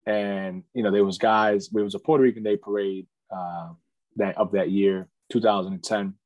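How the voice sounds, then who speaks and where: A man's voice: on the low side, fairly even intonation, moderate pace, darkish tone, dry recording, muffled recording. A man in his thirties, a podcast guest, candidly telling his life story in casual conversation, earnest, peppering his speech with "man" and "you know.". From United States.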